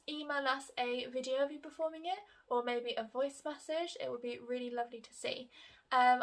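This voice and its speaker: A woman's voice: high-pitched, fairly bright tone. A woman teaching a recorded lesson to young children, upbeat and encouraging, in simple words. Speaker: primary school teacher.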